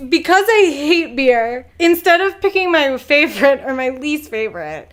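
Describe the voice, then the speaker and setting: A woman with a high, lively voice that leaps around as she co-hosts a laid-back podcast. She teases her co-host playfully and giggles a lot. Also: normal speed. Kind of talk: casual podcast chat.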